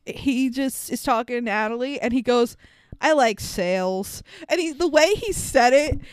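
A woman's voice: high voice, normal speed, clear, resonant tone. A woman co-hosting a podcast, riffing sarcastically on a bad movie, swearing freely and laughing often. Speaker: podcast co-host. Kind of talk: casual movie-riffing chat.

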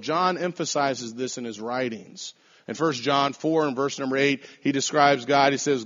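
Male preacher, mid-pitched, deliberate emphatic delivery with slowed stressed phrases; muffled lo-fi recording. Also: fairly bright tone. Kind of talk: sermon. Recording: dull lo-fi sound.

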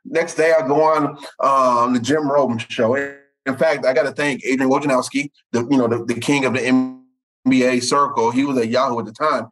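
A man in his forties, a sportswriter, telling stories in an animated way and tripping over repeated words. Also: normal speed, poor audio. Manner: animated, repeats words, jumps up in pitch for quoted voices. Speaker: sportswriter guest. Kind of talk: storytelling in conversation.

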